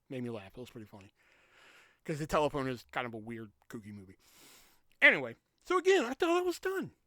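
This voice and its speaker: A young man hosting a podcast, telling a story as a profane, ranting monologue and jumping up in pitch when he quotes himself. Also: clean tone, dry recording, studio quality. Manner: animated, jumps high when quoting himself. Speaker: podcast host. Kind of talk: casual monologue.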